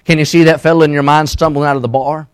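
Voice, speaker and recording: A male preacher with a notably high-pitched voice. He preaches a sermon, climbing into shouts and then dropping to hushed, slow storytelling. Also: level tone, smooth.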